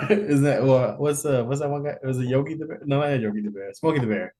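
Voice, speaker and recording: An easygoing man co-hosting a casual podcast. He chuckles often and talks loosely in a mid-pitched voice, close to the mic. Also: fairly quick, mellow. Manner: easygoing, chuckling, says "bro" a lot. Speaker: podcast co-host. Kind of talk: casual chat.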